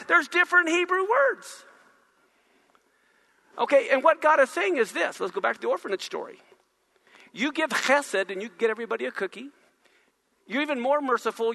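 High, bright-voiced male preacher. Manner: animated, teaching with questions to the congregation. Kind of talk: sermon.

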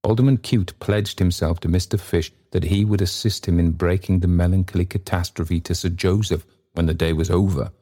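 A man reading a classic novel aloud in a measured, theatrical narration. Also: low-pitched, steady tone, mellow. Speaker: audiobook narrator.

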